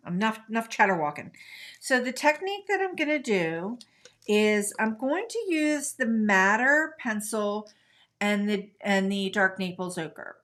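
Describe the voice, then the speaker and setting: A middle-aged woman from the United States hosts a live craft tutorial stream, chatting to viewers as she colors. Her mid-range voice is a bit bright, and her running commentary is friendly.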